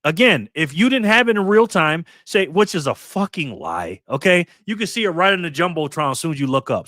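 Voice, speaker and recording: A man's voice: a little high, sing-song, a little fast, hardly any pauses, sharp tone, dry recording, clean studio sound. A man in his fifties from New York State, hosting a live political commentary stream and ranting angrily with lots of profanity. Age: 50s. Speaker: livestream host.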